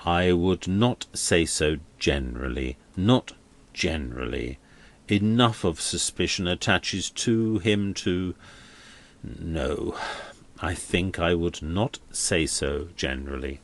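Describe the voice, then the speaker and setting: A man voicing a smooth, hedging older male church dean who talks in a confidential tone. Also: low voice, big pitch swings, takes it slowly, heavily acted.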